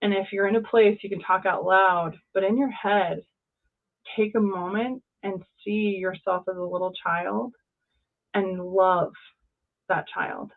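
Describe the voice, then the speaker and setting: A woman's voice: mid-range voice, fairly even intonation, measured pace. A woman life coach speaking as an interview guest, earnest and encouraging, in short phrases over a remote call. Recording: tinny phone-like line.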